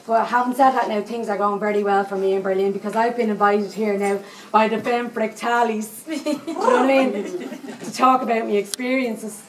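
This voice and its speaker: Playing a salty 78-year-old Dublin psychic on stage, a woman chatters cheekily in a broad Dublin Irish accent, swearing constantly with chatty asides in a lightly acted comedy monologue. Her slightly high voice is fairly even in intonation and moderately paced, picked up far from the mic in an echoey live room with faint venue ambience and background noise.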